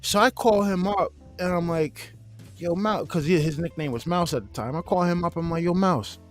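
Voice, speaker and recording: A man's voice: high-pitched, normal speed, faint music behind. A man in his forties hosting a casual chat, telling a rambling, profane story and acting out his friends' lines with a laugh. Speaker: podcast host.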